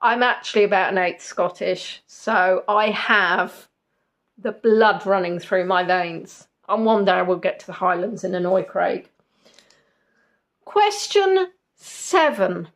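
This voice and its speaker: A woman's voice: fairly low pitch, steady tone, a little slow, a bit bright. A woman hosting a live-stream quiz in a casual chat, giggly and jokey with rambling asides. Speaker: quiz host.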